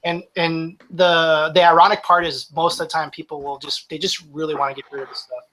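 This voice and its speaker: A man's voice: a little high, little pitch movement, fairly quick, a bit bright, a little hiss or hum, low-quality recording. A man in his forties, a reseller guest talking casually in a live-streamed interview, rambling with restarts.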